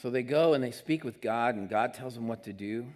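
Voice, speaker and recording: A man's voice: mid-range voice, brisk, darkish tone. A man preaching a sermon in an earnest, conversational way, with emphatic rises on his key points. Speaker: pastor. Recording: long hall reverb.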